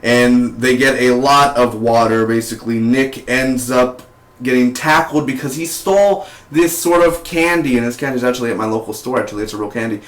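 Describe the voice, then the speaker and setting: A man's voice: medium pitch, brisk, reverberant. Chatty young man reviewing a show. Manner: chatty and rambling, with asides. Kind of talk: casual spoken review.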